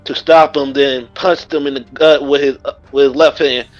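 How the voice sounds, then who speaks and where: A man's voice: medium pitch, fairly even intonation, moderate pace, soft background music. A man casually narrating a fan-made story in a loose, chuckling way, on a muffled recording. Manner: loose, chuckling, with many restarts. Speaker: guest storyteller.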